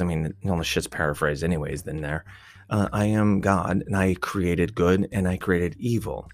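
A man's voice: sits low, creaky. A man talking in a rambling, profane, irreverent off-the-cuff monologue. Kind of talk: casual unscripted monologue.

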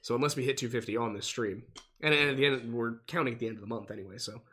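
A young man with a husky, slightly breathy voice co-hosts a livestream and talks with loose, easygoing banter. His pitch sits in the ordinary middle range, and his speech rambles along with frequent small fillers. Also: racing. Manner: relaxed banter, many fillers and restarts. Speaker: podcast co-host. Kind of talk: casual livestream chat.

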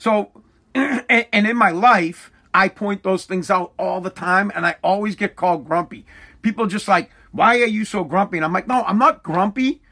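A middle-aged man with a high, bright, sharp voice rants about everyday annoyances. He talks in a casual comic way, exasperated and profane, and he stumbles over and repeats his words. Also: moderate pace. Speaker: father ranting. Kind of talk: casual comedic rant.

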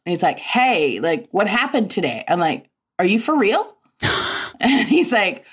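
A woman's voice: mid-range voice, very animated, a little slow, fairly bright tone, breathy edge. Woman guest, blunt storyteller, swears freely, laughs often, casual podcast chat.

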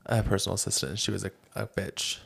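Young man chatting on a podcast, somewhat low. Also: fast, gravelly, fairly bright tone, slightly rough. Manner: chatty, opinionated, many fillers. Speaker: podcast co-host. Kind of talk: casual chat.

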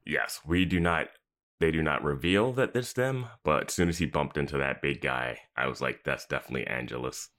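A man's voice: extremely low pitch, a little fast, a bit bright. A man co-hosting a podcast, musing and chuckling in casual conversation. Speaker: podcast co-host. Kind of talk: casual chat.

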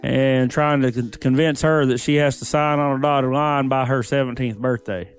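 A man's voice: medium pitch, fairly even intonation, moderate pace, soft background music. A man in his forties with a sixteen-year-old daughter, chatting casually on a podcast in a laid-back way. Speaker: podcast co-host. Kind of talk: casual chat.

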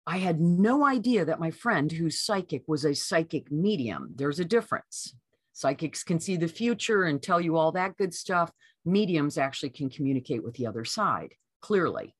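Lively woman telling a personal story. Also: deep voice, normal speed, slightly rough, no room sound, studio quality. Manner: lively storyteller who acts out quoted voices. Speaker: author guest.

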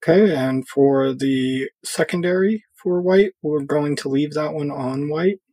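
A man giving a casual screen-recorded software tutorial, thinking aloud with fillers as he clicks through. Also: on the high side, a little slow, slightly rough, dry recording.

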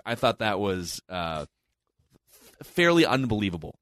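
A man's voice: fairly low pitch, sing-song, a bit bright, no echo, clean studio sound. A man co-hosting a movie podcast, picking apart plot holes with incredulous questions. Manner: incredulous, rapid-fire questions. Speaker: podcast co-host. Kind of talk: casual movie review chat.

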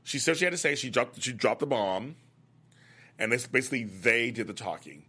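Speaking at a medium pitch with a brisk, husky delivery, this man runs a soap opera after-show. He recaps the week's episodes with gossipy excitement and chats freely, performing the characters' lines himself.

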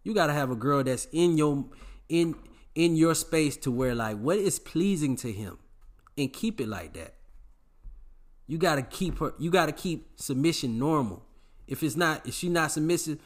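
A man's voice: on the high side, lively intonation, normal speed. A man giving dating advice to the camera in an emphatic, preachy, repetitive way, full of slang. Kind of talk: casual advice monologue to camera.

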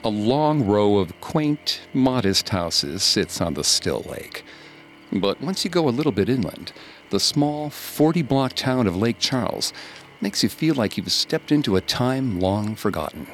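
A man, a podcast host, reading scripted horror narration in a slow, hushed, suspenseful way. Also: lowish voice, sing-song, a little hiss or hum. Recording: studio narration over faint music.

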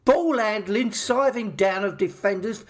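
A man co-hosting a football podcast, telling mocking stories and putting on quick comic voices. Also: sits high. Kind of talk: casual football chat.

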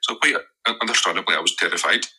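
A man's voice: low-pitched, rapid-fire, sharp tone, slightly rough, poor audio. A man telling a story in a recorded voice message, matter-of-fact with small fillers. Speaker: listener sending a voice message.

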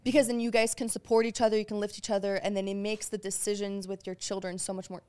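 A woman's voice: mid-range voice, level tone, fast talker, a little mellow, clean tone, dry recording. A woman co-hosting a casual podcast, talking in a supportive, earnest way with many fillers such as "like" and "you know". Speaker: podcast co-host. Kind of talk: casual chat.

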